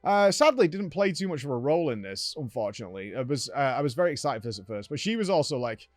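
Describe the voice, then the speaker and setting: A man's voice: mid-range voice, fast, no room sound. A man from the UK, a streamer hosting a casual show, animatedly recounting a game and acting out the exchanges. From United Kingdom. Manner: animated storytelling, acts out exchanges with "I'm like". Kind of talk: casual gaming recap chat.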